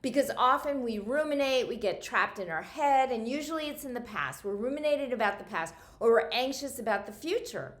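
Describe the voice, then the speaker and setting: A woman guiding a self-help talk as a coach, gentle and encouraging, often repeating phrases for emphasis. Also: fairly high pitch, animated, fairly quick, hardly any pauses. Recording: echoey room.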